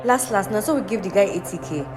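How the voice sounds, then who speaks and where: Young woman, travel vlogger, chatty and animated, voice rising and falling widely, music underneath. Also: mid-range voice, quick pace, rough recording. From Uganda. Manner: animated, chatty storytelling to viewers. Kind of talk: casual travel vlog narration.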